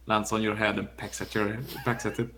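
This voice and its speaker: A man's voice: lowish voice, level tone, fairly quick, sharp tone. A man playing a tabletop game, tentative and laughing through his lines. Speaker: player. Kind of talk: casual tabletop play.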